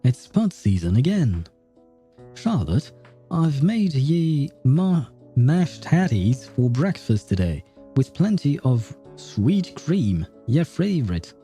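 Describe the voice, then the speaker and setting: A man's voice: medium pitch, very animated, slow pace, faint music behind. A man voicing a kindly, coaxing old grandmother in a video game. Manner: gentle, coaxing.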